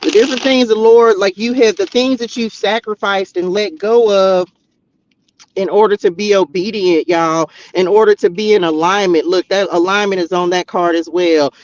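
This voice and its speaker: A man's voice: high voice, steady tone, normal speed, no room sound. A man giving a casual, exclamatory spiritual tarot message, talking straight to his viewers. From Texas, US. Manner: exclamatory, chatty, talks straight to viewers as "y'all" and "child". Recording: dull, slightly lo-fi audio.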